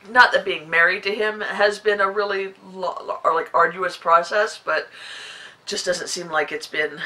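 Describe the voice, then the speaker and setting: A woman's voice: fairly low pitch, vocal fry, pushed and bright, low-quality recording. A woman in her forties hosting her knitting podcast, chatting casually to the camera and rambling with lots of fillers. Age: 40s.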